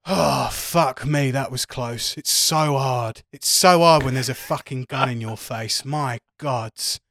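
A man's voice: medium pitch, slow, vocal fry, a bit bright, no room sound, clean studio sound. A man voicing a rattled female fortune-teller who talks in a flustered, swearing way. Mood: shaken.

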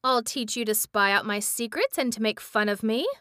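Shrill cackling old witch, as a woman puts her on, storybook, high and loud, dry sound. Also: normal speed, no echo. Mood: furious. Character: scheming old female witch.

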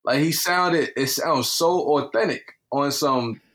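Man co-host, slangy and halting. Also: fairly high pitch, a bit bright. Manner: slangy, hesitant, loses his words. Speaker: podcast co-host. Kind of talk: casual chat.

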